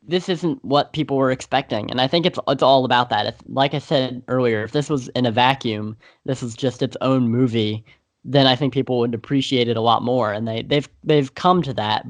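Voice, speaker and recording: Young guy on a movie podcast, mid pitch, lots of ums and restarts, dry close sound. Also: no echo. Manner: rambling, many fillers and restarts. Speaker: podcast co-host. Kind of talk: casual movie discussion.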